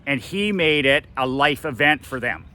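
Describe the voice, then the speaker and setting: A middle-aged man with a bright, forceful, somewhat tense voice tells a personal story. He is emphatic and blunt, driving his points home and cursing freely along the way. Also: mid-range voice, lively intonation, moderate pace, slight background noise. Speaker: motivational coach.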